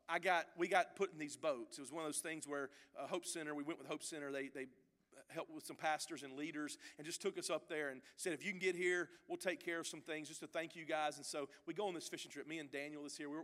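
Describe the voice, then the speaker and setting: A male pastor, preaching a sermon that swings from quiet storytelling to loud, shouted exhortation, acting out the voices in his stories. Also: high-pitched.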